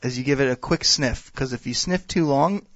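A man's voice: mid-range voice, moderate pace, fairly bright tone, no room sound. Man explaining whiskey tasting. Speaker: wine and spirits guest expert. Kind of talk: casual explaining chat. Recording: dull, dry sound.

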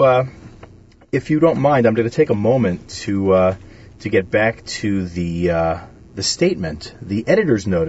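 A man's voice: fairly low pitch, darkish tone, lo-fi sound, slight background noise. A man hosting a radio talk show, chatting casually and reading statements aloud with many fillers.

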